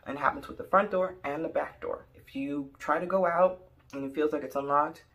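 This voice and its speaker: A woman's voice: low voice, a little fast, fairly bright tone. A young woman telling a rambling, jokey story in a casual vlog, full of "like" and "um". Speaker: vlogger.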